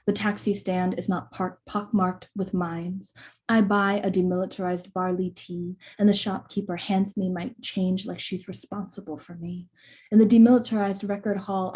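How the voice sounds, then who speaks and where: Woman poet reading her own verse over a video call, warm and mellow, steady rhythmic delivery. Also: mid-range voice. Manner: measured, rhythmic recitation with soft hesitant asides.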